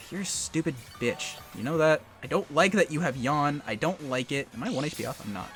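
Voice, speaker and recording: A young man narrates his own competitive game match as it happens, mixing strategy with trash talk aimed at his opponent and musing about tactics under his breath. His voice is fairly high and bright, with lively intonation and a fast pace, and faint music plays in the background.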